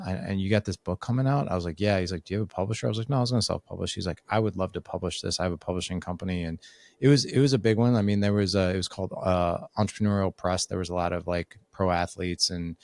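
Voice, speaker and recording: His voice is low with vocal fry, and he talks fast, with no echo. As a podcast guest, he spins a casual tale, animatedly voicing the quoted lines of its characters.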